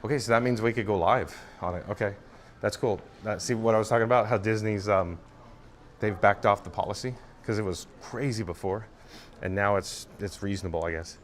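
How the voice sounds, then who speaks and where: A man's voice: lowish voice, a little fast, a little hiss or hum. A man hosting a live stream while he walks, reading chat aloud and answering in a chatty, emphatic way, repeating viewers' names. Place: outdoors in a theme park.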